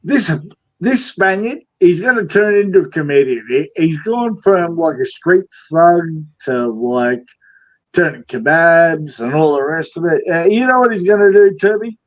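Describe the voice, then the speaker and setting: A man's voice: fairly high pitch, expressive, a little slow. A man in blunt, joking banter with a co-host, swearing and talking over a lo-fi video call. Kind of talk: casual live-stream chat.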